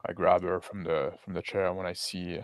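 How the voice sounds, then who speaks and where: Male player in character, terse and direct, slightly low dry voice. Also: flat delivery, moderate pace, no room sound. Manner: terse action calls, shouted lines in character. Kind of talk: in-character tabletop role-play.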